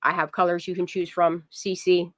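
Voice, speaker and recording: A woman hosting a casual live stream, chatty and excitable, rambling through long asides and talking to her dog. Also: fairly low pitch, normal speed, dry recording. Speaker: livestream host.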